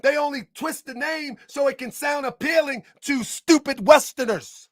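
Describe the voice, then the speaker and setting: A man delivering a heated rebuttal monologue as an online commentator, combative and emphatic, repeating his points and bursting into shouts. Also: very high-pitched, moderate pace, few pauses, no echo, studio quality.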